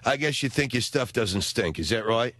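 A man's voice: mid-range voice, lively intonation, normal speed, fairly bright tone, no echo. A man doing a sneering pub regular. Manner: sneering, sarcastic. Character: surly male English pubgoer, sarcastic.

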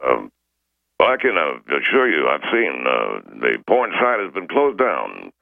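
Man, very deep, gravelly, halting and formal, tinny phone line, dry sound. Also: huge pitch swings, no room sound. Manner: halting, stiffly formal, full of uhs. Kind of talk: comic phone-in banter.

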